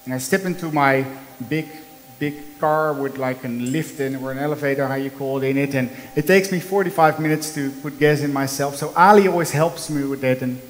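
In a large conference hall, a Dutch-accented man in his thirties tells stories in earnest, emphatic fashion during a motivational talk, making small slips in English, his second language. His mid-range voice moves briskly, and the recording is low quality.

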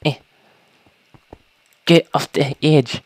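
A woman casually commentating a video game, talking to creatures and breaking into panicked shouts. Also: low-pitched, drawn-out words, noisy background. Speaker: gaming YouTuber.

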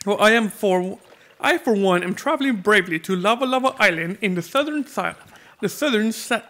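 A pompous old explorer with a mock-posh air, put on by a man. The voice sits high and bright, stumbling through restarts as it announces its grand quest in a video game. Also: expressive, brisk. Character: pompous old male explorer, upper-crust gentleman.

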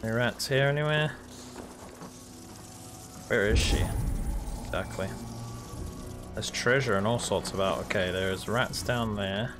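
A man's voice: on the low side, unhurried, pauses often. A man giving casual, chatty commentary while playing a video game. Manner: chatty, relaxed, talking to himself. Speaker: gaming channel host. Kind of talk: casual let's-play commentary. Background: game music.

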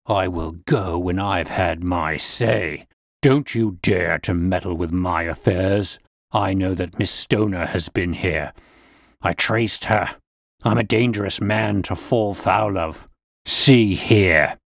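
A man voicing a huge, menacing old man who shouts threats in a blustering way. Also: low-pitched, takes it slowly, gravelly, no room sound, studio quality, pitched below the performer's own voice, heavily acted.

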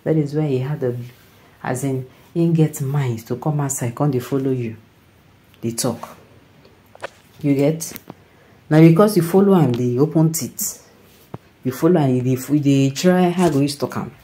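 Mellow-voiced Nigerian news commentator. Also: mid-range voice, a little slow, pauses often, slight background noise, rough recording. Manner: conversational, keeps asking "you understand?". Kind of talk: opinion commentary in Nigerian Pidgin.

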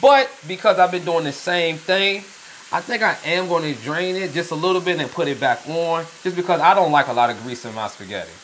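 A man's voice: on the high side, expressive, a little fast, fairly bright tone, a little hiss or hum, low-quality recording. A man cooking in a contest, telling loose stories and laughing as he talks. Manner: loose storytelling, laughs mid-sentence. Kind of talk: casual chat.

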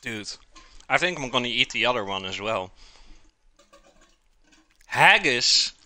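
A man with a Dutch accent from the Netherlands hosts a live cooking stream, chatting with viewers, reading out and answering chat while eating, sometimes with his mouth full. His mid-range voice has a sharp tone and a fairly quick pace, and the recording is dry.

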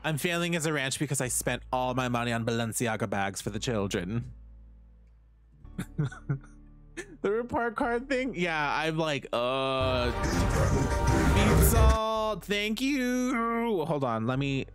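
A man's voice: mid-range voice, expressive, a little slow, pauses often. A man streaming live, chatting casually with viewers as he plays, self-mocking and swearing freely. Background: faint game music.

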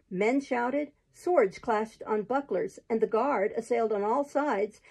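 A woman reading a chapter book aloud in a steady, expressive narrating voice. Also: a little high, creaky, husky, low-quality recording. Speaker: storybook reader.

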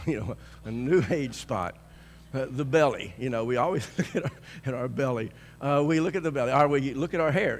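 A male pastor preaching a sermon, telling a story with lots of chuckles and shouting out bold declarations. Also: on the high side, big-room sound, a little hiss or hum.

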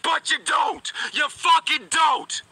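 A man's voice: very high voice, steady tone, slow pace, sharp tone, no room sound, shouting, low-quality recording. A YouTuber ranting in a furious screaming rage, cursing, his voice cracking with anger. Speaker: YouTuber reacting to a race.

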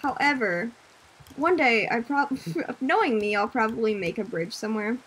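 A young woman streaming a game, chatting casually, reading chat aloud, laughing often and breaking into loud screams at enemies. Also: fairly high pitch, normal speed, breathy edge. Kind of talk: casual gaming commentary.

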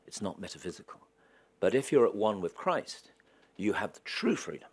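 Man, low-pitched, wry, anecdotal, lecturing an audience. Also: very animated, moderate pace, a little mellow, slightly rough. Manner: wry, anecdotal, dry humor. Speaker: guest lecturer. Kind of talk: public lecture.

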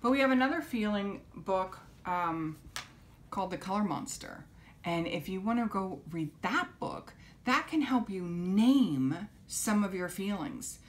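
A woman teaching young children, gently coaxing them to repeat simple phrases after her. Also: medium pitch, very animated, a little slow. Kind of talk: children's lesson.

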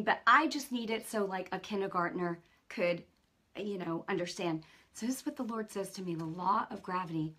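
A middle-aged woman hosting a faith show, telling a personal testimony in an animated, conversational way and acting out the dialogue. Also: mid-range voice, breathy edge. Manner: animated storytelling, acts out dialogue; conversational, many fillers. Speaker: host.

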